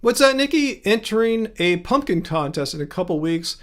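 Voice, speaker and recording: Male livestream host, higher-pitched voice, sarcastic ranting, chatty with viewers. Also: sing-song, normal speed. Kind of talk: casual livestream chat reading viewer comments.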